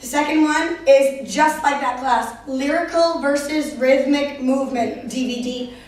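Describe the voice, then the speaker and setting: A woman's voice: high-pitched, measured pace. A woman co-teaching a dance class, stating the rules of the dance firmly and summing up the lesson. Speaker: dance instructor. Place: dance studio. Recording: very echoey room, mic far off.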